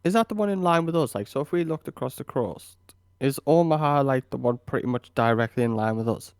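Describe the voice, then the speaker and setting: A man's voice: medium pitch, animated, fairly quick, smooth, no echo. Swearing British man, dry close mic. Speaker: podcast co-host. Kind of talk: casual chat.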